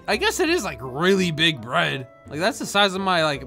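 A gaming video host giving playful, jokey commentary while playing, often excited and talking to viewers. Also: mid-range voice, fast talker, few pauses, faint music behind.

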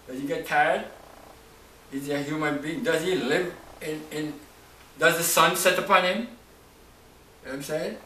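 A man's voice: on the high side, sharp tone, slight background noise. Man preacher, raised voice, informal Bible talk, miked from a distance in a reverberant room. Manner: conversational, repeats "right?" and "you know". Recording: echoey room, voice off-mic.

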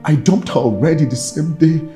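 A man's voice: a little high, brisk, music in the background, close to an everyday voice. A Nigerian actor playing a remorseful young husband who stammers and repeats words as he pleads with his wife. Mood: begging.

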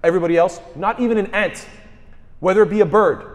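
A man's voice: high voice, fast, long reverb tail. A man delivering a sermon, asking rhetorical questions and quoting scripture in Arabic. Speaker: speaker at a mosque.

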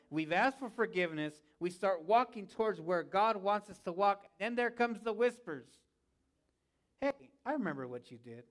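High-voiced man preaching a sermon. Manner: preaching with repeated calls of "Amen?" to the congregation. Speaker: pastor. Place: church sanctuary.

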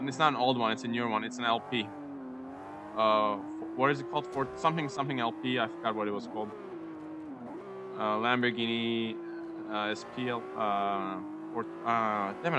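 Excitable young man commenting on a racing game. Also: medium pitch, fairly quick, noisy background. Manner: excitable, giggly, jokey running chatter. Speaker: gaming YouTuber. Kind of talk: casual gameplay commentary.

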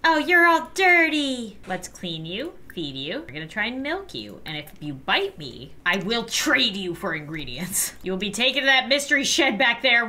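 A woman giving excitable, dramatic let's-play commentary, laughing and gasping often. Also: a little high. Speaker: gaming YouTuber.

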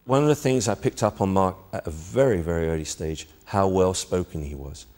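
Deep-voiced guy in an interview, stopping to hunt for words. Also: fairly quick, a little mellow. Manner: searching for words. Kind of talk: reminiscing interview.

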